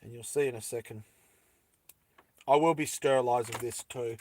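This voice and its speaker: A man's voice: mid-range voice, steady tone, moderate pace, darkish tone, slight background noise. A man chatting casually and playfully with live viewers while he makes earrings, joking and giggling often. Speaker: live streamer making jewellery. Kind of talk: casual live-stream chat while crafting.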